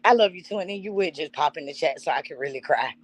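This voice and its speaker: A woman's voice: sits low, lively intonation, quick pace, low-quality recording. Heartfelt woman hosting a live stream. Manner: heartfelt, talks straight to her chat. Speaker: channel host. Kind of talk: live-stream birthday tribute.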